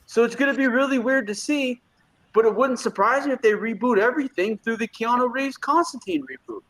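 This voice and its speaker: A man's voice: very high voice, lively intonation, brisk, fairly bright tone, rough recording. A man co-hosting a casual pop-culture podcast, talking in a blunt, profane, opinionated way. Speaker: podcast co-host.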